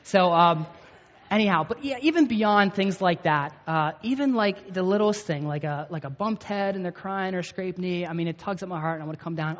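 A man's voice: high voice, fairly quick. A man in his thirties preaching a sermon in a conversational, storytelling way, often checking in with the listeners. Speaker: pastor. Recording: echoey hall, dull lo-fi sound.

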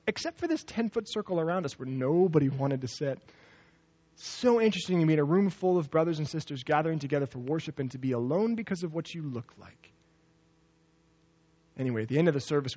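A man preaching a sermon, telling a personal story and acting out the voices of people in it. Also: on the high side. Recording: dull lo-fi recording.

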